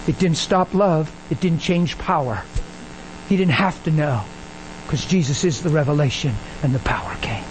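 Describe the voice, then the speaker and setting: A man preaching a sermon, telling stories and acting out the dialogue with animated energy. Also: normal speed, noisy background. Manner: animated, acts out dialogue, rises in pitch when excited. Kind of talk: sermon with storytelling.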